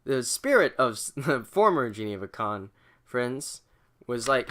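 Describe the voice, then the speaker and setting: A young student summarizes history chapters in a bright, forceful, mid-range voice that's sing-song and a little slow. Profane and irreverent, he mocks quotes in funny voices and hesitates with fillers and restarts.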